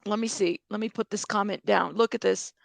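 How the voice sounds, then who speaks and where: A woman's voice: mid-range voice, steady tone, a little fast, vocal fry, no room sound. A woman commentating casually on bodycam footage, talking straight to her viewers. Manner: chatty, addresses viewers directly. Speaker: true crime commentator.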